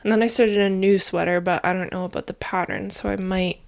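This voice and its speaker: A young woman co-hosting a podcast in casual chat, congested and phlegmy, chatty and quick to laugh. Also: mid-range voice, steady tone, gravelly. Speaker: podcast co-host.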